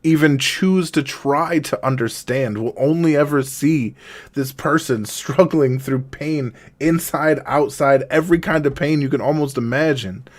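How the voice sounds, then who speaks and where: A man streaming a raw, confessional monologue, halting and rambling with heavy swearing, emotionally distressed. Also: on the high side.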